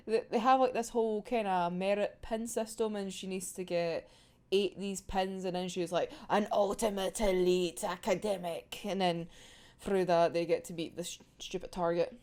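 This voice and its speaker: A woman's voice: mid-range voice, darkish tone. A young Scottish woman chatting casually as a manga reviewer, giggling often, swearing freely and acting out characters' lines. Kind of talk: casual chat.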